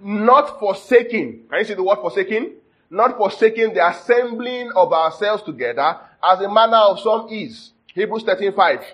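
A man's voice: high-pitched, lively intonation, moderate pace, a bit bright, breathy edge. A man preaching a sermon, teaching word by word and often asking the audience if they are following. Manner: checks in with the audience often, jokes and laughs. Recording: dull lo-fi sound.

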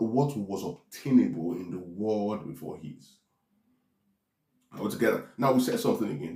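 A man's voice: fairly low pitch, mellow. A man preaching a Bible teaching, often checking in with his listeners with "right?" and "are we together?". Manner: preaches with many "right?" tag questions. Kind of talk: sermon. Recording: echoey room.

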